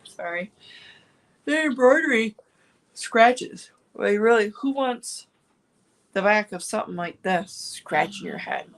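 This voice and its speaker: A woman's voice: mid-range voice, lively intonation, takes it slowly, long pauses, low-quality recording. A woman chatting casually on a home crafting livestream, rambling with fillers and restarts. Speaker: crafting vlogger.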